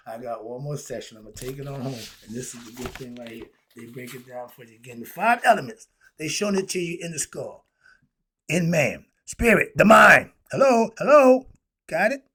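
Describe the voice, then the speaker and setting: A man's voice: medium pitch, husky. A man teaching philosophy in an informal, preachy way, full of rhetorical questions and asides.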